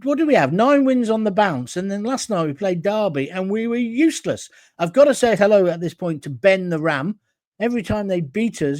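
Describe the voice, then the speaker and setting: A man's voice: sits high, darkish tone, dry recording. A middle-aged man, hosting an opinionated solo talk show monologue in a blunt, combative and indignant way.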